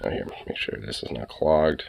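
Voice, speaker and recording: A man's voice: very deep voice, normal speed, creaky, slight background noise. A man chatting casually to the camera about his dog, laid-back and profane, often chuckling. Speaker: vlogger filming his dog. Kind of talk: casual chat.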